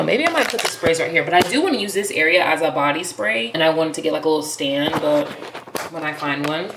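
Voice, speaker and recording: Chatty young woman, low voice, echoey room. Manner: chatty, girlfriend-to-girlfriend talk, calls viewers girl and sis. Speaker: vlogger. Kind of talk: casual chat to camera. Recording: echoey room, faint noise.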